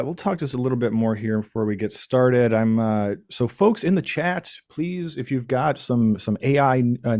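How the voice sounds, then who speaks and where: A man from Michigan hosting a live stream, chatting casually and jokingly with the audience and pausing often on fillers. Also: medium pitch, a little mellow, no room sound, clean studio sound. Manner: playful, jokey, chatty with frequent fillers. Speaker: livestream host.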